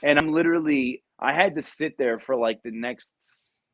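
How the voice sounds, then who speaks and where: A man's voice: on the high side, normal speed, a bit bright, dry recording. A man who is a Marine veteran and podcast guest, telling casual, profane stories with many ums. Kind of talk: casual storytelling. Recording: dull, dry lo-fi recording.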